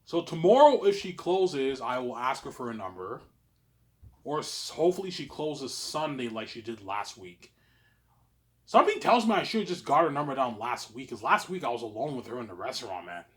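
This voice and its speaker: A man's voice: sing-song, normal speed. Rambling man in his thirties, stammering. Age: 30s. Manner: repetitive, stammering restarts, frequent "obviously"; swings between low muttering and loud outbursts. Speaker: vlogger. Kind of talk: rambling personal monologue.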